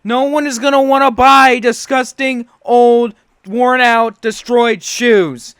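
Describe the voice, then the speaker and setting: A man hosts a reaction video and delivers sarcastic, swearing commentary. His voice is high for a man. The recording is dry, with no room echo. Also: steady tone, takes it slowly, a bit bright, smooth. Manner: sarcastic, profane.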